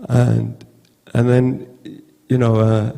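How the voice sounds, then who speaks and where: Man, gravelly, husky, halting tribute, repeats words, long hall reverb. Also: mid-range voice, completely flat delivery, dark tone. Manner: halting, repeats words, acts out quoted voices. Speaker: speaker at a memorial gathering. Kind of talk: heartfelt storytelling tribute.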